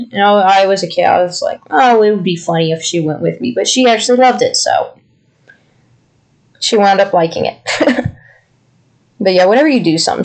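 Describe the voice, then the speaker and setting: A high-pitched, gravelly male voice belongs to a podcast co-host. His talk is loose and casual, drifting into affectionate rambles.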